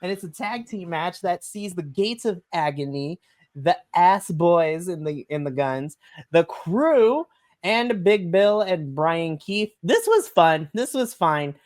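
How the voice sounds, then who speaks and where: A podcast co-host giving a casual, animated wrestling review, laughing often and trailing off mid-sentence. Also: medium pitch, slow.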